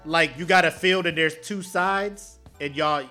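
A man co-hosting a podcast in casual, swearing chat, acting out little scenes in loud, high voices. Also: measured pace, soft background music. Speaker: podcast co-host.

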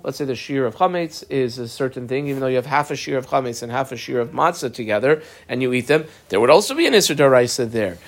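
A man's voice: mid-range voice, expressive, quick pace, hardly any pauses. A man teaching a Talmud class, reading the Aramaic aloud and explaining it step by step, with a yeshiva-style pronunciation of Hebrew words. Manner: explains term by term, reads Aramaic then translates; uses Yiddish-influenced yeshiva pronunciation of Hebrew.

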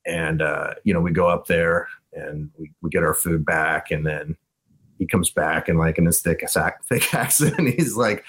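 A man's voice: very deep voice, a little slow, a bit bright. A man guesting on a podcast, telling rambling anecdotes and laughing often in casual chat. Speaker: guest, band frontman.

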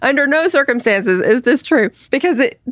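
A woman's voice: high-pitched, expressive, moderate pace, a bit bright, dry recording. A woman co-hosting a podcast, chatting casually and reading a satire article aloud, laughing often. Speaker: podcast co-host.

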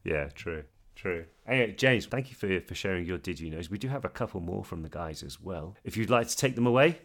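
A man co-hosting a podcast, chatting in an animated way and laughing easily. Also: deep voice, a little fast. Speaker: podcast co-host. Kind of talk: casual chat.

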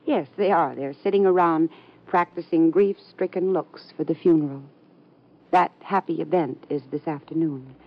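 An actress playing a sardonic young woman who speaks in a dry, deadpan way, in 1950s radio drama style. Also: low-pitched, moderate pace, slight background noise. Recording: dull lo-fi old radio recording.

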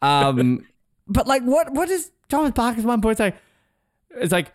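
A man co-hosting a podcast in casual chat, animated and swearing, laughing and mimicking people as he talks. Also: sits high, normal speed, no room sound, studio quality. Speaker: podcast co-host.

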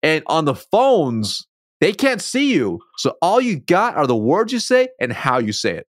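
A man being interviewed as a sales coach, a self-described fast talker who stumbles and restarts his words, speaking over a video call. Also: fairly high pitch, very animated, no room sound, clean studio sound. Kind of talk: conversational interview.

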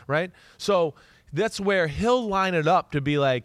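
A man's voice: fairly high pitch, unhurried, no echo. A man co-hosting a casual football talk show, telling stories and quoting players with many "right?" asides. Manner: animated storyteller, quotes players in his own voice, many "right?" asides. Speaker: podcast co-host and football analyst. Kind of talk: casual chat.

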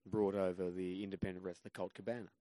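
A man with a fairly low voice tells rambling, self-deprecating stories as a podcast guest. He sounds casual and chatty. The close mic gives a dry sound with no room echo. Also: level tone, fast, mellow. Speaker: guest comedian.

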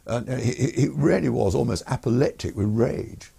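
A man's voice: medium pitch, normal speed, creaky, few pauses, mellow, breathy edge. An older man, a former air force pilot, telling stories in an interview in a rambling, hesitant way. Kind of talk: anecdotal storytelling in a podcast interview.

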